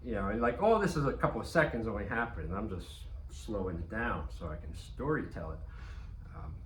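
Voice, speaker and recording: A man's voice: on the low side, very animated, a little fast, reverberant, a little hiss or hum, rough recording. A man telling a casual, rambling anecdote, swearing often and restarting his sentences. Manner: rambling, profane, frequent restarts and fillers. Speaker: storyteller.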